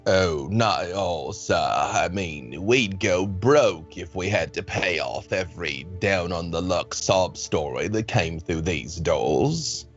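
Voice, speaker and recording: A gruff pirate enforcer, played by a man in a tabletop game, his voice deep and slow as he drawls in rough pirate talk. The sound is a little muffled, with faint music in the back. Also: animated, exaggerated voice. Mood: dismissive.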